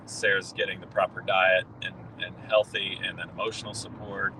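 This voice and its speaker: A man with a low, even voice talks haltingly and reflectively, restarting his sentences as he thinks. He is driving, picked up from a distance by the mic. Steady car noise sits clearly under his words. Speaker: husband in a family vlog. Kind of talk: casual personal talk.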